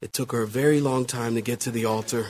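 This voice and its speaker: A middle-aged man, a pastor, preaching a sermon and telling a story, swinging between loud exclamations and hushed asides. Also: medium pitch, fairly even intonation, fast talker, some chatter behind, slight background noise.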